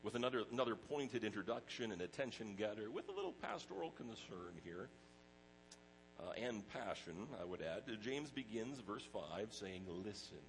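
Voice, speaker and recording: A middle-aged pastor preaching a sermon in a conversational way, mixing personal stories with scripture. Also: male voice, lowish voice, big pitch swings, normal speed, vocal fry, a little hiss or hum, poor audio.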